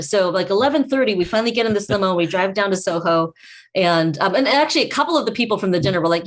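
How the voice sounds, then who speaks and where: A woman's voice: medium pitch, quick pace. A woman guest from the food industry, telling a long anecdote in casual chat and acting out what other people said. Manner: lively anecdote teller who acts out others' voices.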